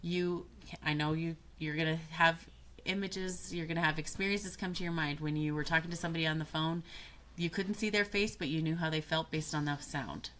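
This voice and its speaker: A woman with a notably low voice speaks as a podcast guest. She talks thoughtfully and unhurriedly, stopping to rephrase and search for the right words as she explains an idea. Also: steady tone, brisk, fairly bright tone, a little hiss or hum. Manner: thoughtful, searching for words, restarts mid-phrase. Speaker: guest, business coach. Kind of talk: reflective podcast conversation.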